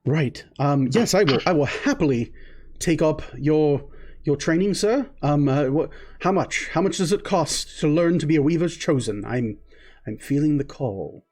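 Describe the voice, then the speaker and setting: A man's voice: fairly high pitch, lively intonation, normal speed, darkish tone. A man voicing an eager, polite young male recruit who stammers and speaks formally.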